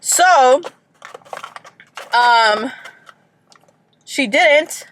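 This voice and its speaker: A young woman from Georgia, chatting casually in a storytime vlog, animated and swearing freely. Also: fairly high pitch, no echo. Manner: animated, swearing, acts out people in bursts. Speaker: vlogger.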